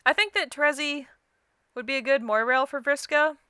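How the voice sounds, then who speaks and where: Bright-voiced woman reading a visual novel aloud. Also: sits high, normal speed, no echo. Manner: casual, chatty, stumbles and laughs at the script. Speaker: let's-play host.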